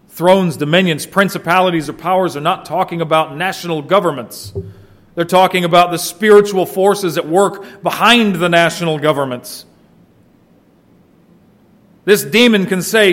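A man preaching an expository sermon, swinging between loud emphasis and quiet, low asides. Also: normal speed. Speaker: pastor.

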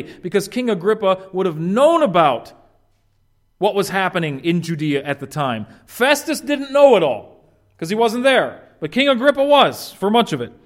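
A pastor preaching a conversational sermon, animated and informal, often restarting his phrases. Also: high-pitched, normal speed.

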